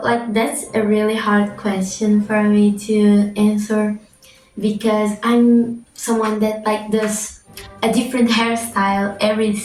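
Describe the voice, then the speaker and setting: Teen girl vlogging, slow and chatty with lots of "like", kinda far from the mic in an echoey room, faint music behind. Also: medium pitch. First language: Portuguese. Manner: chatty, frequent fillers, self-correcting. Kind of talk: casual Q&A vlog.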